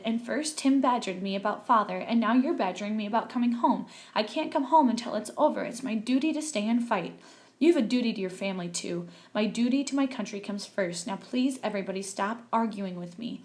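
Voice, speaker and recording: A woman's voice: medium pitch, moderate pace, a little mellow. A woman reading a novel aloud in a plain, unpolished way, with small slips and restarts. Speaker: reader.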